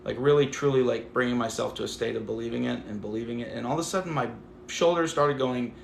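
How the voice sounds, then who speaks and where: A man's voice: medium pitch, fast, vocal fry, echoey room, slight background noise. A man hosting a casual livestream, talking to his viewers in a rambling, affectionate way full of "like". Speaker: livestream host.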